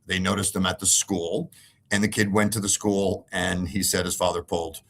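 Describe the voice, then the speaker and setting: A man's voice: low voice, normal speed, a little hiss or hum. A man in an interview, telling a heated story emphatically and acting out other people's words with lots of repetition. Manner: animated, acts out quoted voices, emphatic repetition. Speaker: interview guest.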